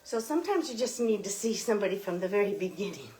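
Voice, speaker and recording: A woman's voice: mid-range voice, very animated, quick pace, dark tone, slight background noise. A woman fitness instructor leading a cycling workout while riding, slightly out of breath, giving encouraging coaching cues.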